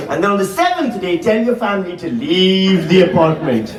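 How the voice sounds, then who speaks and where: A man in his forties doing profane, animated stand-up comedy before a live audience. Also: sits high. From Pakistan. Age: 40s. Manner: animated, profane, quick asides to the crowd. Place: large hall, live audience. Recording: roomy live hall, mic from a distance, crowd laughter. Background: audience laughter.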